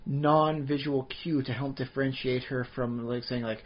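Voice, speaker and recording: A man's voice: medium pitch, steady tone, moderate pace, dull audio, a little hiss or hum. A man co-hosting a podcast in casual chat, rambling with frequent fillers and restarts. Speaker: podcast co-host.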